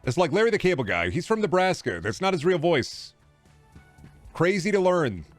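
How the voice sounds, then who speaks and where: A man's voice: mid-range voice, dry recording. A young man from Texas, ranting sarcastically and profanely during a casual stream chat.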